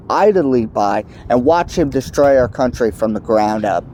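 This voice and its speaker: A man's voice: medium pitch, animated, moderate pace, hardly any pauses, a little mellow, a little hiss or hum. Angry man ranting to camera. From United States. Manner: angry, emphatic, swearing. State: allergy-stuffed, coughing. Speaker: vlogger. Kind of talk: political rant to camera.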